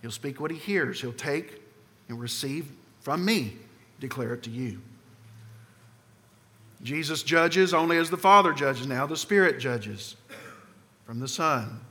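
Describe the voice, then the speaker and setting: A man preaching a sermon with emphasis, putting questions to the congregation and swinging between loud and soft passages. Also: a little high. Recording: long hall reverb.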